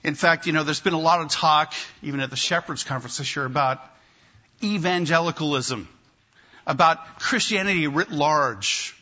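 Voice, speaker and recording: A male pastor preaching a sermon to his congregation, emphatic and repetitive, with slow deliberate pauses. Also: a little high, sharp tone. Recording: dull lo-fi sermon recording.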